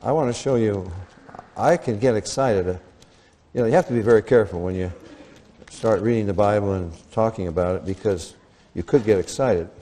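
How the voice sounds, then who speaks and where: A man preaching a Bible teaching sermon in an animated way, often rising to excited high exclamations. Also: a little fast.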